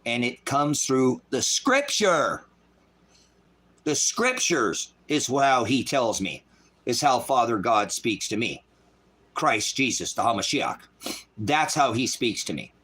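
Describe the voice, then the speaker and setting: A middle-aged man preaching in an angry, profane livestream style, voice swinging loud. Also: medium pitch, big pitch swings, takes it slowly, husky. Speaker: street preacher.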